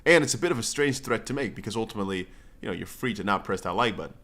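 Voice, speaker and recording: A man's voice: lowish voice, animated, very fast, a bit bright. A man hosting a crypto livestream, reading viewer comments aloud in casual chat and rambling with many restarts and playful asides.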